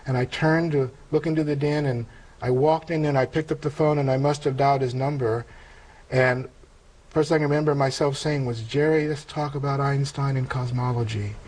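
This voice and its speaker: A man's voice: a little high, steady tone, a little mellow, poor audio. Earnest older man telling his story. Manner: earnest, reflective storytelling with halting restarts and quoted dialogue. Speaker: interview guest telling a conversion story. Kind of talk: personal testimony in conversation.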